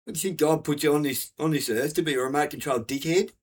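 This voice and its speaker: A man, his voice sitting a bit higher than most men's. He rants bluntly and keeps swearing, looping back over the same points in a hard, sweary delivery. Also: fast, husky. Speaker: vlogger. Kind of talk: angry profane rant.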